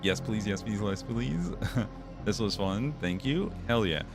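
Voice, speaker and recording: A man's voice: on the low side, expressive, a little slow, creaky, soft background music. A male streamer giving casual gameplay commentary, laid-back and chatty, with swearing and laughs.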